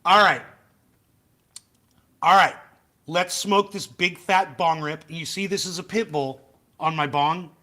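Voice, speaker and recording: Sharp in tone and pitched on the high side, this man talks a little slowly with long pauses. He's hosting a casual livestream rant, swearing bluntly and trading remarks with viewers in the live chat.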